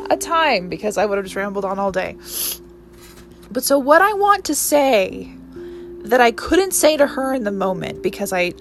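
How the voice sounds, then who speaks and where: A woman in her twenties hosting her own podcast, talking earnestly and emotionally in a rambling monologue full of restarts. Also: medium pitch. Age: 20s. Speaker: podcast host. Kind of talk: casual solo podcast monologue.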